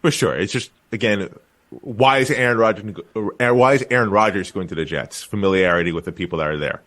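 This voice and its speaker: A man co-hosting a wrestling podcast, talking in a loose, animated way with lots of fillers and restarts. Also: fairly low pitch, a little fast. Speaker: podcast co-host. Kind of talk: casual wrestling podcast chat.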